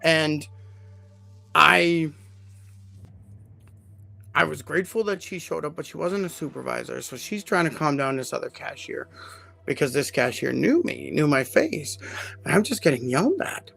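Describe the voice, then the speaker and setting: A man hosting a live podcast, telling a personal story in an emotional, animated way with many fillers. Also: a little high, normal speed, gravelly, pauses often. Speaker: podcast host.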